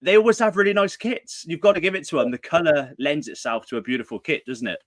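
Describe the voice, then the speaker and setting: A man's voice: on the high side, quick pace, no echo. A man with a Northern English accent hosting a casual live stream, chatty and self-deprecating, often laughing. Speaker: host. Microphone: streaming setup.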